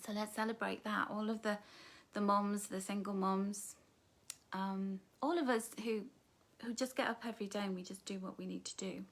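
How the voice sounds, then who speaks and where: A woman's voice: medium pitch, steady tone, moderate pace. A middle-aged woman, chatting on a live stream and reading viewers' comments aloud, calling them darling and my love. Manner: warm, affectionate, calls viewers darling and my love. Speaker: author hosting a live book launch.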